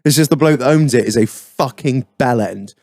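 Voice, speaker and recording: A man's voice: mid-range voice, moderate pace, no echo. A man hosting a podcast, telling a sweary story in a casual, laughing way. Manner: sweary, laughing, animated anecdotes. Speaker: podcast host. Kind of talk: casual pub-style storytelling.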